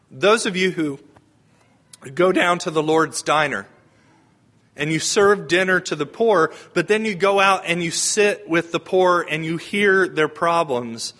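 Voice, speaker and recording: A man delivers a homily with a bright, clear edge to his voice. His pitch sits a little high. He preaches in a conversational way and often puts questions to the congregation. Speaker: priest.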